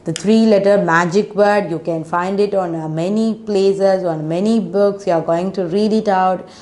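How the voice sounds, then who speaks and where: A woman's voice: mid-range voice, steady tone, darkish tone. A woman teaching a children's phonics lesson, spelling out letters one by one and checking in with frequent questions. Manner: patient, spells letters out slowly, asks questions; frequent "isn't it?" and "okay" checks.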